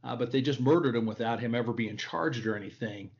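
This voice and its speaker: A man's voice: fast, gravelly. A man hosting an interview, asking questions and affirming his guest attentively. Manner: attentive, affirming, with brief murmurs of agreement. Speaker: interview host. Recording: muffled low-fidelity audio.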